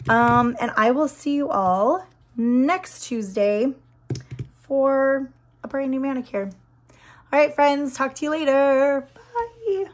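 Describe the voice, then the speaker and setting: A woman in her thirties with a hoarse, scratchy voice that drops into whispers, chatting and gushing while doing her nails. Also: on the high side. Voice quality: breaks into whispers. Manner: chatty, gushing, many fillers. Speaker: nail vlogger. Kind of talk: casual chat while doing a manicure.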